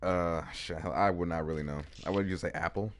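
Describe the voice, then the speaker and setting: A man's voice: low voice, steady tone, a little fast, slight background noise. A man hosting a casual podcast chat, eating as he talks, laid-back and profane, with lots of trailing off and repeated words. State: eating, talking with his mouth full. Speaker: podcast host.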